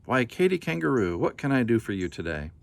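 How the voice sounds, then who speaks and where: A man's voice: mid-range voice, sing-song, brisk, creaky. A man voicing a polite, kindly female crocodile in a children's story. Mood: sweet.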